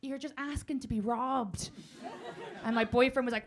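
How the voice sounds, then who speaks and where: A woman's voice: fairly high pitch, normal speed, pauses often. A young Irish woman doing stand-up crowd work on a club stage, brash and swearing, laughing through her punchlines. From Ireland. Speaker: stand-up comedian. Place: comedy club stage before a live audience. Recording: live club audio with loud crowd and noise.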